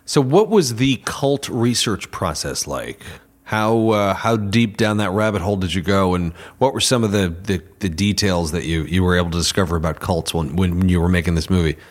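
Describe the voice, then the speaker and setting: A man's voice: low voice, normal speed. A man hosting a podcast interview, asking curious follow-up questions in a casual way. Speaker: podcast host.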